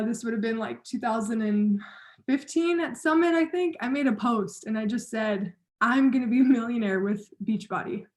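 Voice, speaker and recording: A woman training her team of coaches, talking in an upbeat, encouraging way straight to her listeners. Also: fairly high pitch.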